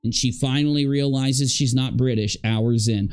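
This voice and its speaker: A man's voice: medium pitch, fairly even intonation, moderate pace, few pauses, darkish tone, clean tone. A man hosting a live stream commentary, chatty with viewers and openly sarcastic and mocking. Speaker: streamer host.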